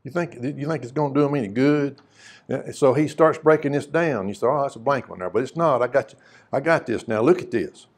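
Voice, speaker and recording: A man's voice: mid-range voice, fairly quick. A man preaching a sermon, mixing scripture reading with folksy, conversational questions to the congregation. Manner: reads scripture aloud in old-fashioned wording.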